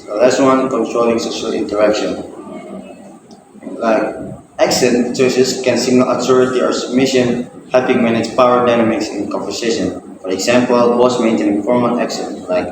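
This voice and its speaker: A man's voice: medium pitch, level tone, normal speed. Hesitant young man presenting in echoey room. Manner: reads points with frequent hesitations. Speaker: student presenter. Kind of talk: class presentation. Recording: echoey room with background noise.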